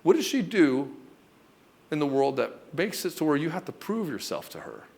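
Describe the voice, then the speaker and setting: A man's voice: on the high side, big pitch swings, moderate pace, vocal fry, a little mellow. A man giving a relationship coaching monologue straight to the camera, blunt and emphatic, swearing often and calling the listener brother and dude.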